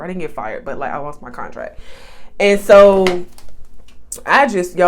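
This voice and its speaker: A woman chatting candidly and profanely to her viewers while styling a wig, recorded on a phone camera. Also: low voice. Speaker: beauty vlogger. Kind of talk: casual chit-chat while styling a wig.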